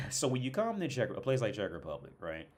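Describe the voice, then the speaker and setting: A man's voice: lowish voice, wildly swooping pitch, a little fast. A young American man tells a rambling, profane story in a casual rant, full of restarts and exasperation. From United States. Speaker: streamer.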